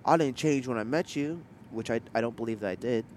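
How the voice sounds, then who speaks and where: A man's voice: medium pitch, brisk, a little mellow. Young male podcast host, playful and slangy, recorded in a moving car with faint road noise. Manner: playful, joking, lots of laughter and slang. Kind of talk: casual chat.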